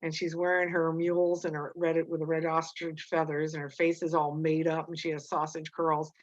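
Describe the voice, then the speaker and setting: A woman teacher explaining a novel chapter and reading passages aloud, halting with many fillers and restarts. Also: sits low, level tone, dull audio.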